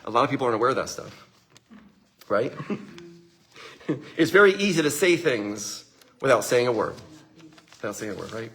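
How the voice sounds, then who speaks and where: A man giving an energetic, conversational motivational talk to live viewers, often checking in with listeners and acting out the people he quotes. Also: mid-range voice, normal speed, long pauses. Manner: acts out quoted voices. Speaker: motivational speaker.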